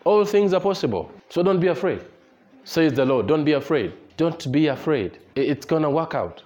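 Emphatic male pastor with a lively voice. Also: on the high side, normal speed, dull audio. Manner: emphatic, repetitive exhortation, leads congregation in prayer. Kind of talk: sermon. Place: church service with congregation.

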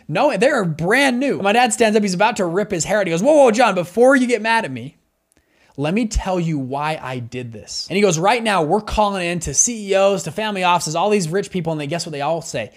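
A man's voice: sits high, lively intonation, brisk, hardly any pauses. A young man running an investment fund, giving an upbeat, conversational lesson on raising money and acting out the dialogue he quotes. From Salt Lake City, Utah. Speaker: investor and fund manager teaching fundraising. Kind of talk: energetic instructional talk to camera.

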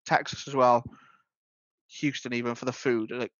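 A man's voice: mid-range voice, flat delivery, moderate pace, a bit bright, dry recording. A man co-hosting a podcast in casual chat, rambling with many fillers and restarts. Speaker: podcast co-host. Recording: dull, slightly lo-fi dry sound.

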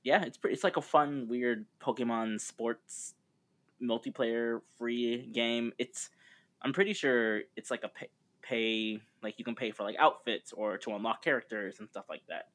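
A man's voice: mid-range voice, steady tone, normal speed, a bit bright. A man co-hosting a podcast, chatting casually in a rambling, laid-back way with frequent fillers. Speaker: podcast co-host. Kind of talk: casual chat.

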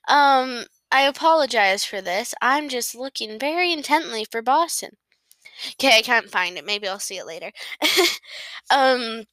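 A woman hosting a podcast, recapping a novel in a casual, rambling way. She is giggly, self-deprecating and quick to apologize. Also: fairly high pitch, sharp tone, clean tone, dry recording.

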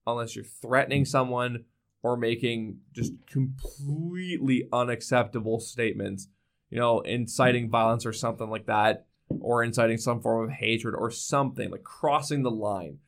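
A young man co-hosting a podcast in casual chat, animated and ranting, with frequent swearing. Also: medium pitch, normal speed, vocal fry. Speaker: podcast co-host.

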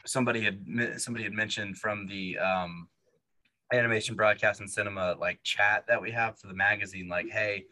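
A man's voice: on the low side, steady tone, fairly quick, sharp tone. A man co-hosting a casual movie podcast, rambling with lots of fillers and restarts. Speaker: podcast co-host.

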